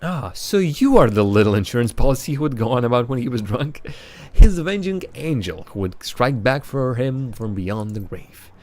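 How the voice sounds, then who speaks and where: A man's voice: medium pitch, animated, moderate pace, darkish tone, lightly acted. A man voicing a poised, playful woman who owns a club in a video game. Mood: teasing. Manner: raised, lilting, teasing delivery.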